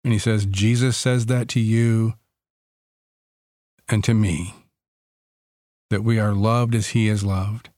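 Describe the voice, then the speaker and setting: A man guides a Christian meditation in a low, unhurried voice. He speaks softly, leaving long pauses between phrases, and the recording is close and dry with no room sound. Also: flat delivery, no echo.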